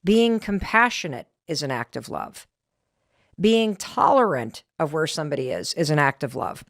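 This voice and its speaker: Lively-voiced woman podcast host. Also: deep voice, normal speed, no room sound, clean studio sound. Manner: animated, self-deprecating storytelling. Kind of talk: casual talk to listeners.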